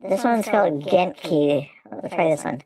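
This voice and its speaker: A man testing a high-pitched voice changer filter on his livestream. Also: unhurried, poor audio. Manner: curious, trying out each setting.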